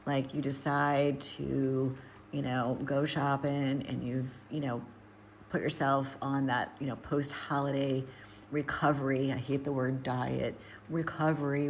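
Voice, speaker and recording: A woman with a very low, gravelly voice rambles chattily to her viewers while tending plants indoors, talking through each step. Steady noise hums underneath her voice throughout. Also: measured pace. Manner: chatty, rambling, thinks aloud while working. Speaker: hydroponic gardener and nutrition coach. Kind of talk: casual live chat to viewers. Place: indoor grow room.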